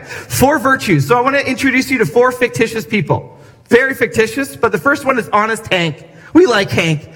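A male pastor with a very high, bright, forceful voice preaches in a church. He speaks in a casual, chatty way and slips into acted voices to make his points funny. The sound carries a long reverb from the big sanctuary. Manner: conversational, acts out voices for humor. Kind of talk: sermon.

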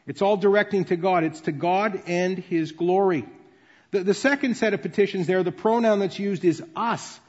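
A male pastor with a fairly high voice delivers a conversational, explanatory sermon. His words ring out with a long reverb in a large church hall. The recording sounds dull and muffled. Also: normal speed, a little mellow.

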